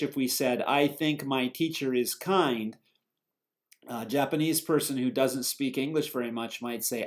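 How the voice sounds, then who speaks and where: A man teaching a lecture, explaining step by step in a steady way, with fillers and self-corrections. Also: mid-range voice. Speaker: English teacher giving a lecture. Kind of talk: recorded lecture.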